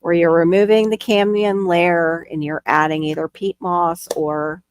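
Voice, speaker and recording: A woman hosting a casual chat, talkative and quick to gasp. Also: lowish voice, level tone, no room sound. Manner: chatty, gardening talk, quick gasps. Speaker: host.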